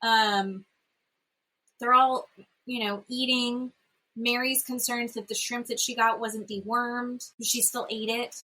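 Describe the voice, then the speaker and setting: Bright, chatty woman podcast co-host. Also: on the high side, slow pace, low-quality recording. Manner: chatty, animated storytelling with quoted voices. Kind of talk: casual chat recapping a reality show.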